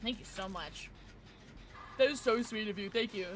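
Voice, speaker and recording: A woman streaming a game and chatting casually with her viewers, excitable and quick to thank them. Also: medium pitch. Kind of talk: casual livestream chat while gaming.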